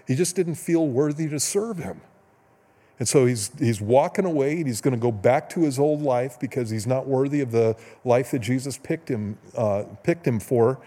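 A man preaching a sermon as pastor, retelling stories in a casual, conversational way with quick asides. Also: on the high side, dark tone, big-room sound. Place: church sanctuary.

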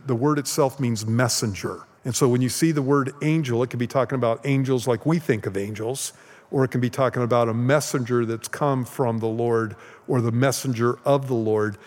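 A male pastor gives a relaxed Bible lesson and keeps checking in with his listeners. His voice sits at an ordinary pitch for a man. A long hall reverb trails after his words in a church sanctuary. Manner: casual, checks in with "okay?" and "right?". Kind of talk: conversational Bible teaching.

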